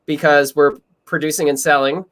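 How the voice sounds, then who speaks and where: A young man hosting a history podcast in casual, excitable chat, talking quickly and often laughing. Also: fairly high pitch. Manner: quick, excitable, breaks into laughs and loud yells. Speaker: podcast host.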